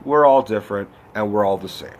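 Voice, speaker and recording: A man in his twenties ranting about a movie in a casual vlog, swearing often and breaking into loud exclamations. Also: fairly low pitch, fairly quick, a little hiss or hum. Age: 20s. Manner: animated, swearing, bursts of shouting. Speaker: vlogger. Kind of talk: profane movie rant.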